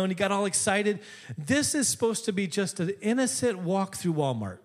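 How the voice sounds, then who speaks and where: A pastor preaching in church with a somewhat raised voice. He tells stories with animation, acting out the people in them and laughing often. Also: on the high side. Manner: animated, acts out quoted voices in the story. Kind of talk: sermon with storytelling.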